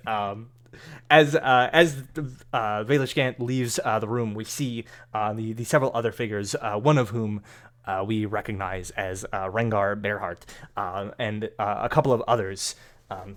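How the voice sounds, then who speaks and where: A man narrating a tabletop game as game master, rambling with many fillers. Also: lowish voice. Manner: rambling, full of fillers and hedges.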